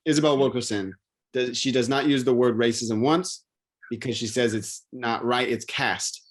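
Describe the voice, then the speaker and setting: A man in casual conversation, rambling and animated, with many restarts and fillers. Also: mid-range voice, normal speed.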